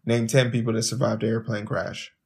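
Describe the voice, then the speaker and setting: A man hosting a podcast, telling a story in an animated, profane way, often stumbling and repeating words as he starts his sentences. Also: medium pitch, fairly quick, vocal fry. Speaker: podcast host. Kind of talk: storytelling monologue.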